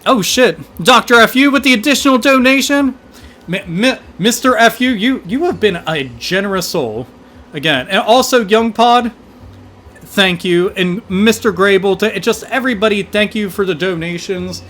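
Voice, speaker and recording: A man hosting a gaming livestream, ranting in animated, profane casual chat and thanking donors. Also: sits high, moderate pace.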